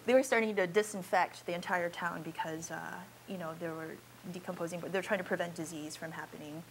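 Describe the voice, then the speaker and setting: A woman's voice: lowish voice, steady tone, brisk, slight background noise, low-quality recording. A woman photojournalist giving an informal slideshow talk in a university auditorium, speaking in a candid, conversational and unpolished way.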